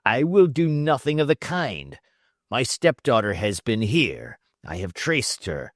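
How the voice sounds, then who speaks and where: A man's voice: mid-range voice, sing-song, a little slow, no room sound, clean studio sound. A man voicing a fierce, menacing old man who blusters and snarls threats. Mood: angry.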